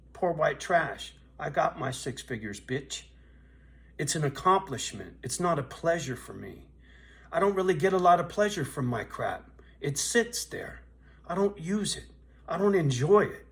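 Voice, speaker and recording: A man's voice: a little high, big pitch swings, normal speed, vocal fry. A man in his fifties telling a blunt, profane, streetwise story in a vlog, asking "right?" again and again. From US West Coast. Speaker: vlogger.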